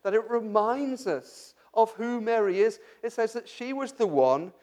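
A man with a high voice preaches a sermon as if chatting with his congregation. He asks rhetorical questions and often restarts his sentences as he works through the passage. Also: animated, a little slow, a little mellow. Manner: addresses the congregation directly. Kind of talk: sermon, Bible exposition.

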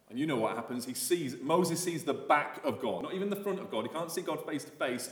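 A man giving a sermon as a visiting preacher, casual and animated, with many fillers and restarts. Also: a little high, a little fast, few pauses, echoey room.

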